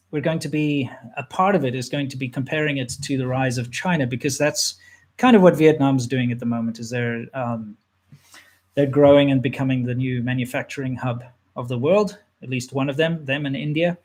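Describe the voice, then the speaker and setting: A man in his thirties hosting a casual question-and-answer chat, relaxed and rambling, with plenty of fillers and restarts. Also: fairly high pitch. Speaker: channel host answering viewer questions.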